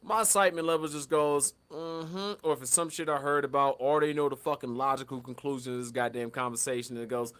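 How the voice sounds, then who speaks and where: A man co-hosting a casual podcast, telling stories in a lively, profane way and acting out the people he quotes. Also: mid-range voice, quick pace, few pauses. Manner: animated storyteller, acts out quotes, lots of profanity. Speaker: podcast co-host.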